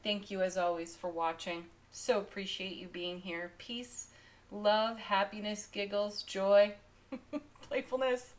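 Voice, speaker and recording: A woman's voice: mid-range voice, fairly even intonation, slow. A woman doing a daily tarot card reading, talking through the cards with frequent giggles and enthusiastic exclamations. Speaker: tarot reader.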